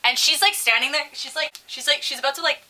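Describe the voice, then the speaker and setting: A young woman co-hosting a casual podcast, telling lively stories with lots of swearing and acted-out quotes. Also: high voice, quick pace, distant mic, very noisy. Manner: animated, swearing, acts out quoted voices. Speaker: podcast co-host. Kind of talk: casual storytelling chat.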